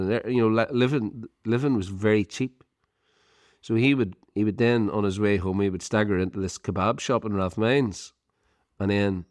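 A man's voice: deep voice, a little mellow, no room sound, clean studio sound. A middle-aged Irish man co-hosting a podcast, telling a rambling story with lots of "you know" and chuckles. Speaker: podcast co-host. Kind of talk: casual storytelling chat.

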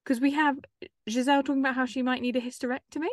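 A woman hosting a podcast in casual chat, teasing and quick to laugh. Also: sits high, no echo. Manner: lively, teasing, laughs easily. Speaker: podcast host.

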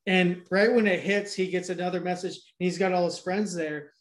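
Brief: young male podcast host, fairly high voice, loose and profane, rambles through a movie plot. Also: fairly even intonation, moderate pace. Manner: rambling, heavy swearing, laughs while telling. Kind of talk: casual chat, retelling a movie plot.

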